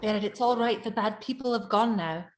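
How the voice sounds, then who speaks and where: A woman voicing a gentle adventurer who speaks quietly and coaxingly. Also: mid-range voice, fairly quick, a little hiss or hum, natural voice. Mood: soothing.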